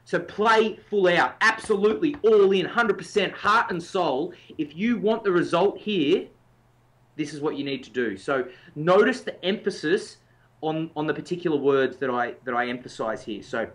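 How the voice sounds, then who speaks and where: A man's voice: on the high side, expressive, normal speed, fairly bright tone. A man co-hosting a motivational podcast as a life coach, talking in an emphatic, coaching way and demonstrating intensity.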